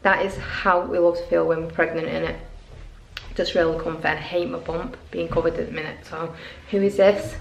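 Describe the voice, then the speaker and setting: A woman's voice: sits low, little pitch movement, brisk, gravelly. A woman chatting casually in a home vlog, coaxing and teasing her toddler. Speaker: family vlogger. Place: family home, indoors.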